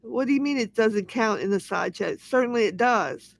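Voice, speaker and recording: A woman's voice: on the high side, lively intonation, moderate pace, gravelly, dry recording. A woman hosting a casual livestream, talking in an aggrieved, repetitive rant. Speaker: livestream host.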